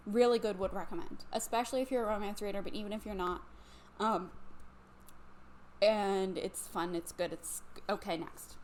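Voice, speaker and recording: A woman's voice: mid-range voice, slight background noise. A young woman in her twenties, a little tipsy on wine, chatting casually about books at home and rambling with lots of fillers and restarts. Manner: rambling, self-interrupting, lots of likes and ums. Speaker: book vlogger. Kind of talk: casual chatty book review.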